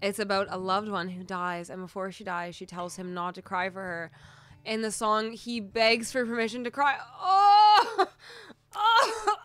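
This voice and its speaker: A woman's voice: medium pitch, steady tone, moderate pace, fairly bright tone, smooth, no echo, soft background music. A woman livestream host chatting casually and emotionally between songs, reading out viewers' comments, with many fillers and laughs. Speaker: streamer and singer.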